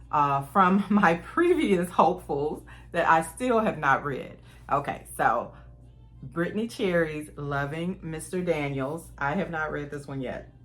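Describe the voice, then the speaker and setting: Woman, young adult, casual book vlog chat, enthusiastic, slightly low voice. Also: fairly bright tone. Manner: chatty, enthusiastic, addresses viewers as y'all. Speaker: book vlogger.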